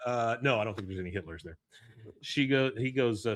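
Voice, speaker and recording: A medium-pitched man hosts a podcast, speaking fairly quickly as he recaps an episode in a lively, casual way and acts out the characters. The audio is studio quality with no echo.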